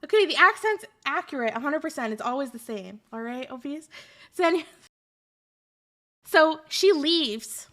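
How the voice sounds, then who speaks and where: A woman streamer telling a story in a casual, animated, rambling way with lots of fillers. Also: sits high, moderate pace, pauses often.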